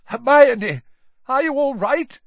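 A man voicing a frantic middle-aged father wizard with a shaky, shouting voice, on a slightly dull, dry recording. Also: extremely high pitch, animated, slow, no room sound, voice pushed up, heavily acted.

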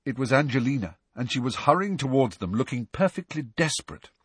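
A man narrating an audiobook in an expressive storybook reading style. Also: medium pitch, fairly quick, husky, no room sound. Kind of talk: scripted narration.

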